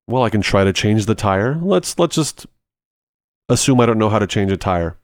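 A man with a fairly low, expressive voice hosts a ministry podcast, speaking at a moderate pace with long pauses. He teaches conversationally, walking step by step through everyday examples and repeating short phrases for emphasis, in a dry, clean studio recording.

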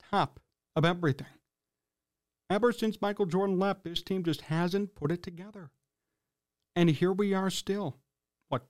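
A man hosting a sports talk show, ranting in an exasperated, sarcastic way and reading out chat comments. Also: a little high.

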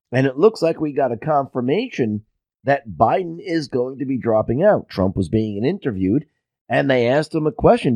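A man gives political commentary in a steady, explaining tone. His voice is dark and mellow. The sound is dry and close, with no room echo. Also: mid-range voice. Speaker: political commentator in a played clip.

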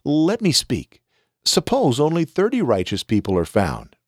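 A man's voice: fairly high pitch, huge pitch swings, measured pace, dry recording, clean studio sound, voice pushed up, full character voice. A man reading as an old patriarch pleading. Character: pleading elderly male patriarch bargaining. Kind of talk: scripture reading.

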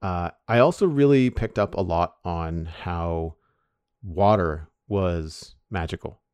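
A man's voice: sits low, takes it slowly, a little mellow, clean tone, no echo, clean studio sound. A man hosting a casual podcast chat, hesitant and full of fillers as he gives his opinion. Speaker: podcast host.

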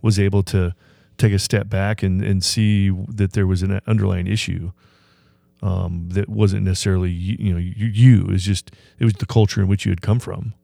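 A man hosting an interview, reflecting on his guest's story in a halting way with frequent restarts. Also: low-pitched, little pitch movement, gravelly, mellow, no echo. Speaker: host.

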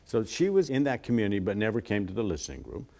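A man's voice: fairly low pitch, very animated, fast, vocal fry. Earnest man telling a story. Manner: earnest, acts out quoted voices softly. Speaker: guest, ministry worker. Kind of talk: storytelling in a TV interview.

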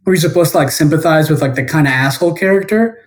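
Rambling man calling in, fairly high voice. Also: fast talker. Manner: rambling, heavy use of fillers. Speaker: guest caller. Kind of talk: casual film discussion. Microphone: phone or remote call.

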